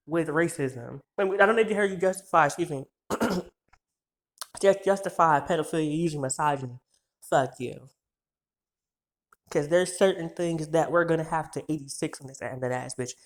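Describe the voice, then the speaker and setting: A man in his twenties telling a story in a heated, profane rant, so worked up that he trips over his words. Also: on the high side. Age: 20s. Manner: heated, profane, rapid-fire insults.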